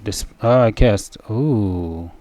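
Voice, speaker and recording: Deep-voiced man musing over his gameplay. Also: takes it slowly, soft background music. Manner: relaxed, thinks aloud while playing. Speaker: video game player. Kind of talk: casual gameplay commentary.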